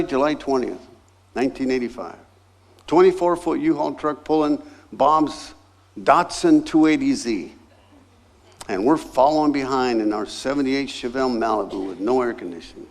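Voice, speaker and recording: A man's voice: mid-range voice, normal speed. A man in his sixties, a guest pastor telling a personal story in a sermon and acting out the other people's lines. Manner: animated, acts out voices in his anecdotes.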